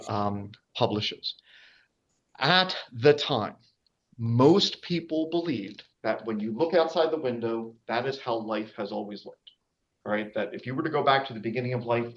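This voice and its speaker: A man giving an informal public lecture about wildlife, chatty and often checking in with his audience. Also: mid-range voice. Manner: chatty, checks in with the audience using "all right?"; frequent fillers and restarts. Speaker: lecturer and nature guide. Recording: dull lo-fi recording.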